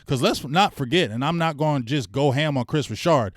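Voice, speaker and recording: A man's voice: on the high side, brisk, hardly any pauses, no echo, studio quality. A middle-aged man hosting a sports fan show, ranting bluntly and heatedly in slangy casual speech. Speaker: sports talk host. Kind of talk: fan rant commentary.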